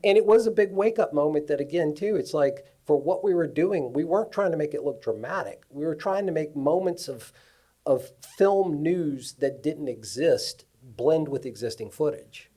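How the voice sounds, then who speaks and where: A man on a cinematography panel, telling lively stories from his career at a live festival event. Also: a little high, normal speed. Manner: animated storyteller. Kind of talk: anecdotal panel talk.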